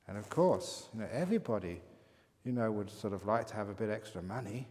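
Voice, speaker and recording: A Buddhist monk teacher telling a story in a relaxed, chatty Dharma talk, often chuckling. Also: male voice, on the low side, fairly quick. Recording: long hall reverb.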